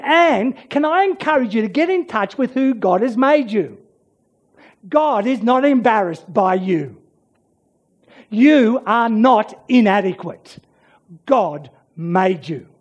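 Preacher, sermon, slow delivery, emphatic, hushed asides. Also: mid-range voice, animated, muffled recording. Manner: emphatic, swings between loud urging and hushed near-whispers.

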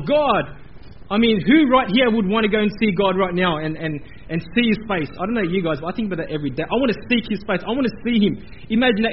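High-voiced animated preacher man. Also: highs cut off, a little hiss or hum. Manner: animated, repeating phrases for emphasis. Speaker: pastor. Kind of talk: sermon. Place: church building.

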